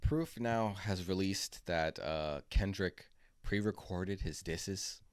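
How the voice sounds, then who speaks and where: A man's voice: low-pitched, takes it slowly, clean tone, no echo, clean studio sound. A man hosting a commentary video, talking bluntly and sarcastically. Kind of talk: opinionated commentary.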